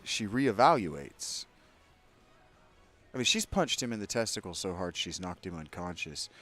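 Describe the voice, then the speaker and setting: A man's voice: deep voice, sing-song, unhurried, fairly bright tone, faint music behind. A man hosting a let's play, giving candid, opinionated gameplay commentary with rambling asides to his viewers.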